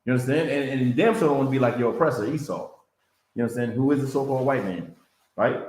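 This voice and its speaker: A man's voice: medium pitch, fast talker, a little mellow. Man preaching in a roomy echo. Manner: repetitive, checks in with "you understand?" and "man". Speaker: Bible class teacher. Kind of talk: preaching-style Bible lesson.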